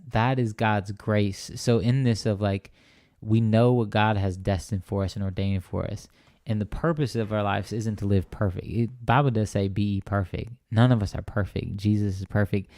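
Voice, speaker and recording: This earnest young interviewee rambles through his faith testimony, frequently restarting and asking "right?" as he goes. His pitch is fairly low and his tone darkish. It's a clean studio recording without echo.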